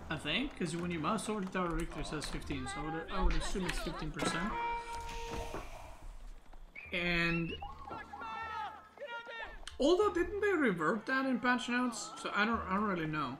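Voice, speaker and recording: A man giving casual commentary on a recorded match, thinking out loud with lots of "like" and "right?" fillers. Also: high-pitched. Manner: thinks aloud, filler-heavy, says "like" and "right?" a lot. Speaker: game analysis host.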